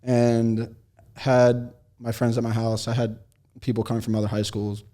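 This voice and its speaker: A young man chatting casually as a podcast guest, telling long stories in a relaxed way and laughing often. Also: mid-range voice, normal speed. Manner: laid-back storytelling with frequent laughs. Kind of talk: casual chat.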